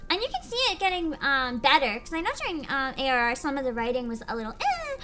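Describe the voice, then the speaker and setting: A woman's voice: high-pitched, huge pitch swings, fast talker. A chatty woman hosting a stream and wrapping up a voice call with guests. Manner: chatty, lots of um and mm-hmm. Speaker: stream host. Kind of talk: casual chat.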